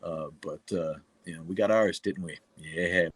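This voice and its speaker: A middle-aged man from New England with a New England accent, talking in a very low voice. He hosts a casual livestream, speaking bluntly and profanely with many fillers and restarts. The sound is dry and close. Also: fairly even intonation, unhurried, no echo. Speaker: livestream host.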